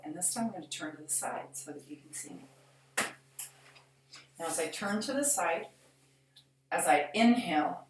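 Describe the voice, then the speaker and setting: This is a fitness instructor leading seated exercises, her voice deep and low, her cues slow, soothing and reassuring. The microphone is far from her, and clear room echo surrounds everything she says.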